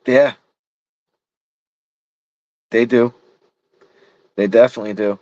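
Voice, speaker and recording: A man's voice: mid-range voice, steady tone, slow, darkish tone, dry recording. A middle-aged man in casual chat, frustrated and rambling, swearing heavily. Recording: dull lo-fi sound.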